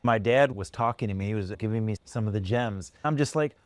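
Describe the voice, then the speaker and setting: Podcast co-host, animated storyteller, low voice, dry close mic. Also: male voice, a little fast, no echo. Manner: animated storyteller, laughs often. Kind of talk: casual storytelling chat.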